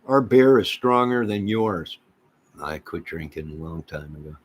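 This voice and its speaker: Slow, husky low-voiced American man. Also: lively intonation. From United States. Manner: rambling, reads viewer comments aloud, trails off mid-thought. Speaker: livestream host chatting with viewers. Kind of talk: casual rambling chat.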